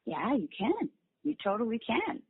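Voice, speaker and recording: A woman voice actress being interviewed, animatedly explaining how she builds voices, sometimes dropping into quick demo voices. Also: on the high side, wildly swooping pitch, husky. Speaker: voice actress guest. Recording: phone-like lo-fi call audio.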